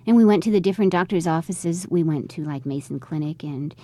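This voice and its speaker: Middle-aged woman telling her story in an interview, low dark voice, talks quick, does everyone's lines as she goes. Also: no echo. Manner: conversational, re-enacts quoted dialogue. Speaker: interviewee, mother.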